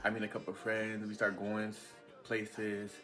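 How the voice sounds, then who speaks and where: A man's voice: fairly low pitch, normal speed, soft background music. Chatty young man telling a story. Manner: chatty, animated, many fillers. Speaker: vlogger. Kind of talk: casual storytime.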